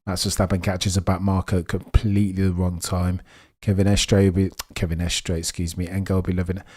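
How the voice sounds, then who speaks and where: A young man with a Birmingham accent and a low voice, talking over a motor race as it happens. He chats casually and excitably, reacting to the action and answering his viewers. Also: brisk. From England. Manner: chatty, excitable, reads and answers viewer messages. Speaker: livestream host. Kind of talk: casual live race commentary.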